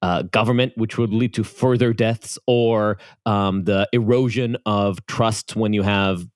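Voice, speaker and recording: A man's voice: fairly low pitch, steady tone, unhurried, clean tone, dry recording, clean studio sound. A man with an Israeli accent co-hosting a podcast, speaking thoughtfully with frequent restarts. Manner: thoughtful, hesitant with many restarts. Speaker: podcast co-host. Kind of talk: casual podcast chat.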